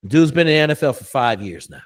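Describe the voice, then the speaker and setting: A man's voice: mid-range voice, sing-song, quick pace. A middle-aged man, a coach, telling a story in a casual interview, blunt and profane with lots of emphasis.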